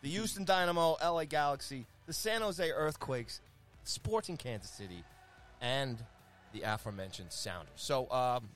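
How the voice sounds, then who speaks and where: A man hosting a casual soccer scores segment, energetic and playful, with lots of fillers, teasing his co-host. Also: medium pitch, moderate pace, soft background music. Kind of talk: casual sports rundown on a talk show.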